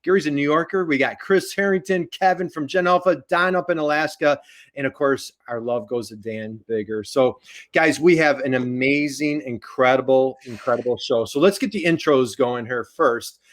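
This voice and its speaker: A man's voice: fairly high pitch, moderate pace. A man hosting a casual live-streamed show, upbeat and chatty, often restarting his sentences. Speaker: host.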